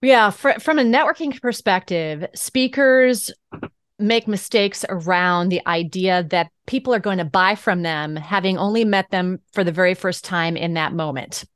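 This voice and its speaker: A woman speaking as a guest voice coach in a podcast interview, explaining ideas in a lively coaching tone and laughing often. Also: on the low side, normal speed, clear, resonant tone, dry recording, studio quality.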